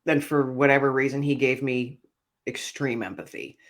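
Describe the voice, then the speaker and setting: A woman author being interviewed, telling a personal story in an animated, emotional way. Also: rumbling low, moderate pace. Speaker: author and speaker, guest.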